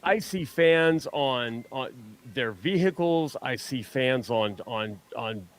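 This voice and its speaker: A man at an ordinary middle pitch talks in loose, rambling bursts, often stumbling and restarting his sentences. He is self-deprecating and easygoing as a guest on a fan show. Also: lively intonation, takes it slowly. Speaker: superfan guest. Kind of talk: casual chat.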